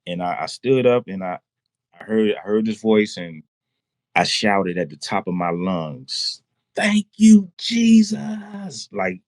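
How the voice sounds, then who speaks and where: A man tells his personal testimony in a lowish voice, with casual slang and bursts of laughter. He gets excited, restarts sentences and repeats himself. The sound is close and dry. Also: measured pace, no room sound. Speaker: testimony guest.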